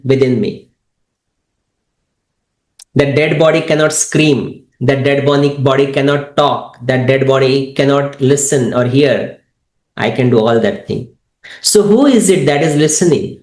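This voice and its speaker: Man, meditation teacher, interactive lesson, frequent check questions, middle pitch, roomy echo. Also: darkish tone. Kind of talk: interactive online spiritual lesson.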